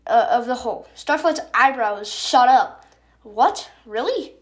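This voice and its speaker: A woman's voice: on the high side, normal speed. A woman hosting a podcast, chatting casually and reading her own story aloud with fillers and self-corrections.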